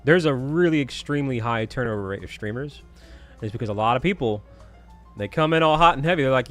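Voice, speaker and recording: A man's voice: mid-range voice, quick pace, fairly bright tone, soft background music. A man chatting casually with viewers during a live stream, telling stories and humming to himself.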